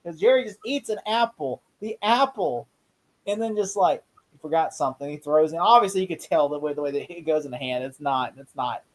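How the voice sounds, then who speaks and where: A podcast co-host retelling a movie scene in a casual review chat, rambling excitedly and laughing often. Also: medium pitch, brisk.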